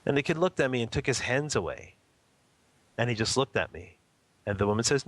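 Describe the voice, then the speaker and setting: A man's voice: medium pitch, animated, brisk, long pauses, no room sound. A man guest talking casually about family life and spiritual practice, checking in with "okay?" and "you know" and chuckling often. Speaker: interview guest, home meditation practitioner and father. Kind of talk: casual spoken teaching.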